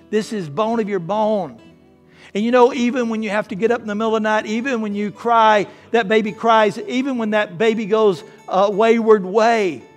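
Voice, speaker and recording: A man preaching a sermon as pastor, swinging from hushed, slow lines to loud, fervent ones. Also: high-pitched. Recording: faint guitar music behind. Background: soft guitar playing.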